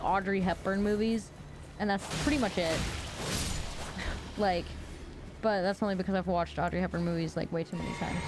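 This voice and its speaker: A young woman streaming a game live, chatting playfully and swearing often. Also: medium pitch. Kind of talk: live gameplay commentary.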